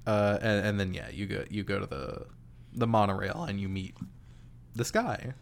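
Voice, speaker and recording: A man in casual chat recapping a video game, relaxed and jokey. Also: on the low side, normal speed, vocal fry.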